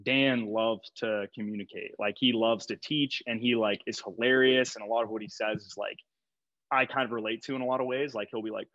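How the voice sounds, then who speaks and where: A man's voice: mid-range voice, fast talker, fairly bright tone, dry recording. Young guy coach rambling casual, lots of likes and you knows, kinda dull dry audio. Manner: rambling, many fillers, laughs easily. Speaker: strength coach, guest. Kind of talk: casual podcast conversation.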